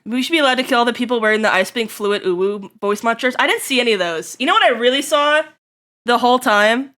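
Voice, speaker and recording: A bright, high-pitched young woman chats with her stream audience. She laughs often and slips into playful mock-angry rants with a sharp, ringing tone, swearing freely. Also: quick pace. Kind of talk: casual live-stream chat with viewers.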